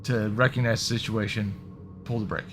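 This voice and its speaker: A man's voice: on the low side, steady tone, normal speed, over music. A man in casual conversation, talking hesitantly and stammering, repeating words as he thinks.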